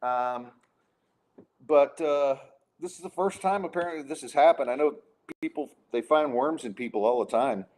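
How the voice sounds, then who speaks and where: A middle-aged man hosts a podcast in a loose, conversational rant. He sounds exasperated and sarcastic, tripping over restarts as he talks. His pitch sits in the middle range for a man. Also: normal speed, darkish tone. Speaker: podcast host. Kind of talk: casual ranting chat.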